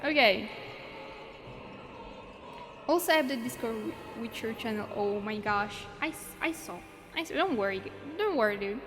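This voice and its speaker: Playful woman streamer with lively pitch. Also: normal speed, long pauses. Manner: playful, teasing, laughs often. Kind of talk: casual stream chat reading viewer messages. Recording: roomy reverb with music behind.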